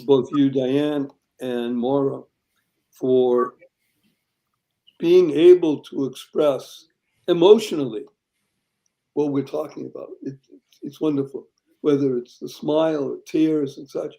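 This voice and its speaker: A man's voice: medium pitch, steady tone, takes it slowly, vocal fry, long pauses, warm tone. A man hosting a podcast panel, thanking his guests in an appreciative way. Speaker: show host.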